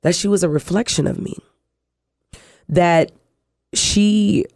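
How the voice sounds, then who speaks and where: A middle-aged woman, a guest telling her life story in an interview, animated and acting out the voices in her quotes. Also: fairly low pitch, slow, no room sound, studio quality.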